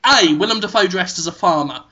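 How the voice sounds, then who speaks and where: A man improvising an absurd comedic story in a rambling, deadpan way, full of "like" and "um", on a muffled recording. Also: high-pitched, brisk.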